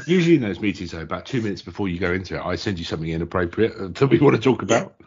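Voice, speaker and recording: This podcast co-host has a low-pitched voice and races through his stories. Chatting casually, he animates each tale by performing the quotes himself, all captured in muffled, lo-fi sound.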